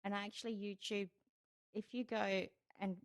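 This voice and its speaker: A woman's voice: medium pitch, little pitch movement, moderate pace. Chatty woman, guest in a casual talk. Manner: chatty, restarting sentences, repeating herself. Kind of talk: casual chat over beers. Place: indoors, relaxed room.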